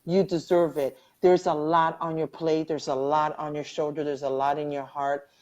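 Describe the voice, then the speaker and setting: A middle-aged woman hosting a live video interview, telling a personal story in animated, rushing bursts and earnestly encouraging her guest. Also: deep voice. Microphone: webcam or phone on a video call. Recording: dull lo-fi livestream audio.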